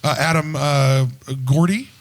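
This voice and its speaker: A man hosts a casual podcast, his voice sitting a bit high. He jokes around and keeps cutting in with quick questions. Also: a crowd in the background. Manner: joking, interjecting with quick questions. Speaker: podcast host.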